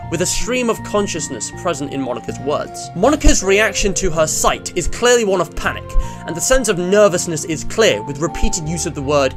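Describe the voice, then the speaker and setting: A man with a somewhat high voice reads a scripted video essay in a measured, analytical manner. Soft music plays faintly under his narration.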